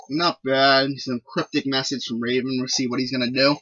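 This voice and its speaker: A man's voice: medium pitch, little pitch movement, normal speed, hardly any pauses, pushed and bright, dry recording, muffled recording. A man giving casual, rambling commentary while playing a wrestling management game. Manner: chatty, rambling recaps. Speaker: video game let's player.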